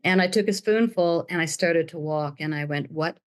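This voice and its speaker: A woman's voice: on the low side, moderate pace, smooth. An older woman telling her story as an interview guest, dramatic and acting out the voices of others. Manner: dramatic, acts out quoted voices.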